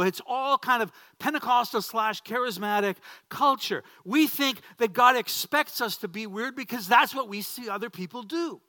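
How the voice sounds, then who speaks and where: A man's voice: very high-pitched, bright, forceful tone, no echo. A man in his fifties, a pastor, preaching a sermon in a storytelling way, with humorous asides and repeated phrases.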